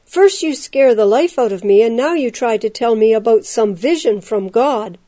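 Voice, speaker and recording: A woman voicing an angry male prison guard who barks and shouts his orders. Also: fairly high pitch, lively intonation, lightly acted. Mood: furious. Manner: barking, loud, drawn-out shouts.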